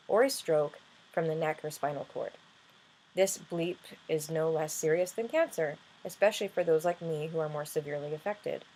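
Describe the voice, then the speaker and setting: A woman talking earnestly in a personal vlog, halting and restarting often as she explains her life with a chronic illness. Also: deep voice, a little mellow, slight background noise, low-quality recording. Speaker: vlogger and music artist.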